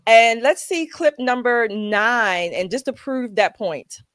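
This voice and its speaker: A woman hosting a casual political panel show, chatty and quick to laugh, calling on guests by name. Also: a little high, expressive, noisy background. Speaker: show host.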